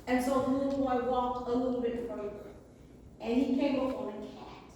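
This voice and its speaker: An American woman telling a folk tale to a live audience in a playful, unhurried way. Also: on the high side, slight background noise. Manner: lively, playful, drawn-out delivery. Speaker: storyteller. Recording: echoey hall, voice from far off.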